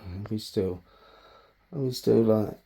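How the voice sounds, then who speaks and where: A man's voice: on the low side, slow pace, creaky, mellow, slight background noise. A man vlogging as he works on a bonsai, chatting casually, bantering with himself and swearing freely. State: out of breath. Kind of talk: casual self-talk while working.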